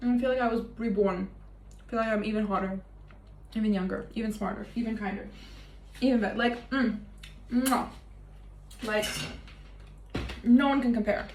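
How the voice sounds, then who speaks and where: A chatty young woman rambling on in a confessional vlog, self-mocking and quick to swear. Her voice sits a bit high. The room rings with echo, and faint ambient noise hums underneath. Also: fairly even intonation, darkish tone. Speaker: vlogger.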